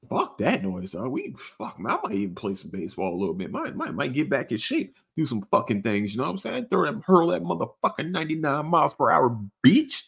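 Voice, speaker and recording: A man hosting a casual sports podcast, rambling and swearing, jumping into sudden high excited outbursts. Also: a little fast, gravelly, slightly rough. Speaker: podcast host.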